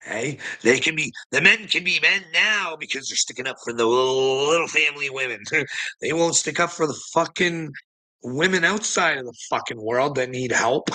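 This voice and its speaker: An online commentator rants at the camera in a mid-range voice that sounds pushed and bright. He's profane and mocking, taunting his target and laughing between jabs.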